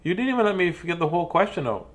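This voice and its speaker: A man's voice: sits high, sing-song, rapid-fire. Chatty, playful man hosting a read-aloud. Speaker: host reading picture books. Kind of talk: casual livestream chat and read-aloud.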